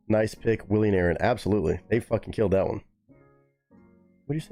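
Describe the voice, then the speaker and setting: Soft music plays in the background as this livestream host reacts to songs, talking fast but leaving long pauses. He chats casually with his viewers, swears without restraint, stays animated, and his pitch shoots up when he's caught off guard.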